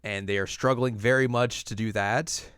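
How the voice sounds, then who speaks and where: A young man hosting a casual podcast, recapping an anime episode and acting out the characters in high, silly voices. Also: steady tone, normal speed, a bit bright, smooth, dry recording, studio quality. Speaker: podcast host.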